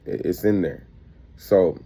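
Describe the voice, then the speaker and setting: A man's voice: low voice, slow pace, warm tone, breathy edge. A man earnestly recounting prophetic dreams as spoken testimony, often repeating himself and quoting the people in his dreams. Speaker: preacher sharing dreams.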